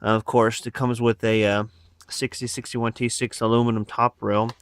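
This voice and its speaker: On a phone recording, a man casually shows off his rifle add-ons, rambling with plenty of fillers and asides while out of breath. His medium-pitched voice is clear and resonant, flat in delivery, at a moderate pace.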